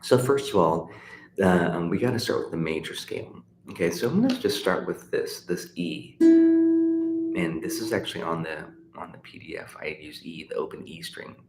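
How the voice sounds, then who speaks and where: A man's voice: low-pitched, wildly swooping pitch, moderate pace, creaky, a little mellow. A middle-aged man teaching a livestream guitar lesson, chatty and encouraging, with many fillers and restarts. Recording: echoey room with faint noise.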